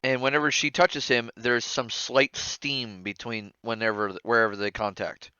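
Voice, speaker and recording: A man running a tabletop game as game master, relaxed, with frequent laughter and fillers. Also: medium pitch, normal speed, smooth, no echo, lo-fi sound.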